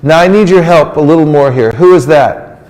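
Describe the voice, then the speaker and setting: A man's voice: fairly high pitch, moderate pace, darkish tone, a little hiss or hum. A man giving an interactive sermon to a group, coaxing the audience into call-and-response answers in a playful, teasing way. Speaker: religious teacher. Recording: long reverb of a large hall.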